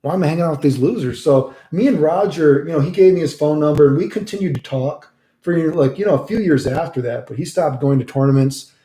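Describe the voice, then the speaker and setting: Casual male streamer, crude and excitable, telling a story, mellow voice in a roomy space. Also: a little high, brisk. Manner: profane and animated, swears constantly; loose rambling delivery with restarts and "dude". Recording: roomy echo.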